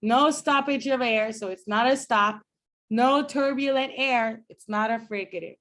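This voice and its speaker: Woman professor, slightly higher voice, slow and explanatory, classroom lecture with sounds modeled out loud. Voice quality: explanatory, demonstrates speech sounds slowly. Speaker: phonetics professor. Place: classroom with students.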